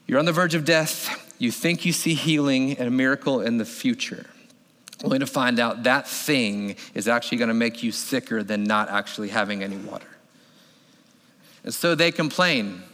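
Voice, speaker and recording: A male pastor in his thirties delivers an animated sermon, his slightly high voice ringing through a large hall with long reverb. He tells the story vividly, slipping into the voices of the people in it.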